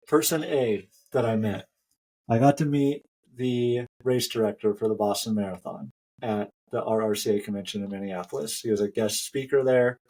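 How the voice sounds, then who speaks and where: A man's voice: medium pitch, darkish tone, breathy edge. A man hosting a running podcast, telling a story in a chatty way and laughing often. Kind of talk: casual chat.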